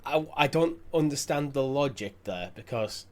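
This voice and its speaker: A man co-hosts a casual gaming podcast in a middle-pitched voice. He rambles a little and repeats words while working out his point. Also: lively intonation, moderate pace, darkish tone. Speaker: podcast co-host. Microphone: remote call mic.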